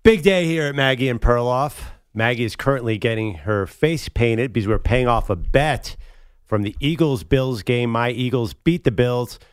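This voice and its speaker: A man's voice: medium pitch, expressive, normal speed, clean tone, dry recording. A man co-hosting a sports talk radio show, joking and teasing his co-workers in the studio.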